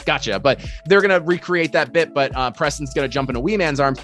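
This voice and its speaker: A man's voice: a little high, a little fast, fairly bright tone, faint music behind. A man in a casual podcast conversation about films, speaking enthusiastically and laughing often. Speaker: podcast co-host. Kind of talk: casual film discussion.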